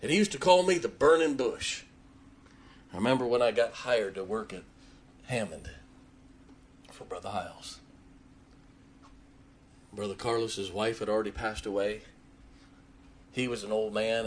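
A man preaching, telling a personal story with emotion and dropping his voice low in tender moments. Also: measured pace, pauses often, slight background noise. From Ohio. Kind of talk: sermon storytelling.

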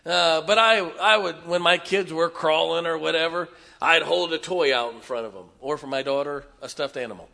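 A middle-aged man preaching a sermon, telling folksy stories and swinging from hushed asides to loud, emphatic lines. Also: on the high side, normal speed, creaky, hardly any pauses. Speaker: pastor.

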